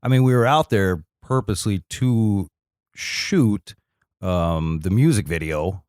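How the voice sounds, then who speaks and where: A middle-aged man from Wisconsin with a Wisconsin accent, chatting casually as a podcast guest in a slow, deep drawl. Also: lively intonation, darkish tone, smooth, dry recording, clean studio sound. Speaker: actor, guest.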